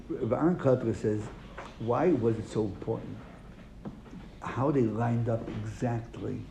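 A man's voice: on the low side, creaky, mellow. A man teaching a classroom lesson, asking his students questions and then answering them. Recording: echoey room, faint noise.

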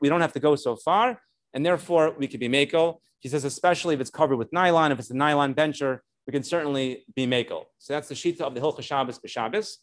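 Man teaching a halacha class. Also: fairly high pitch. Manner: explanatory, lively emphasis on key points, frequent restarts; Yeshiva-style English with Hebrew and Yiddish terms. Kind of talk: live halacha class, explaining case law.

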